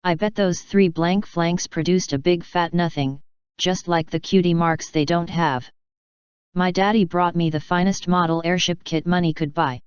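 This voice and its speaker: Ai woman voice doing bratty rich pony kid showing off, super clear. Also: lowish voice, steady tone, moderate pace, dry recording, lightly acted. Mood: snobbish. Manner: snobbish, boastful. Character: spoiled bragging rich pony schoolgirl. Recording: slightly dull lo-fi audio.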